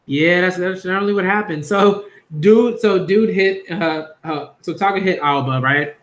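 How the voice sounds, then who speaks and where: A man's voice: high voice, normal speed, few pauses, fairly bright tone. A man reviewing a manga in a rambling, chatty live reaction, with slangy asides. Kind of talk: casual live reaction commentary.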